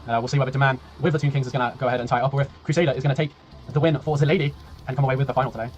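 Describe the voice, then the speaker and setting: A man casting a strategy game tournament on a live stream, chatty and laughing, with a tiring voice that he keeps clearing. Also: mid-range voice, fairly even intonation, rapid-fire, dull audio, soft background music. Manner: chatty, laughing, rambling, swears, reads chat aloud. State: voice tiring, clearing throat often. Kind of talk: casual live-stream commentary.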